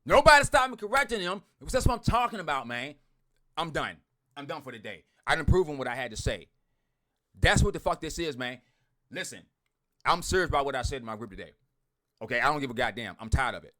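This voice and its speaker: A man ranting bluntly to his online group, swearing a lot, repeating himself and swinging from loud outbursts to muttering. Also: mid-range voice, lively intonation, brisk. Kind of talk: heated profane rant to followers.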